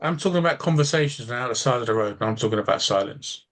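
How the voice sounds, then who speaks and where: A man's voice: medium pitch, expressive, rapid-fire, fairly bright tone. Blunt, rambling man on a podcast. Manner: blunt, swears for emphasis. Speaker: driving instructor and coach. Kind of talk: casual podcast chat.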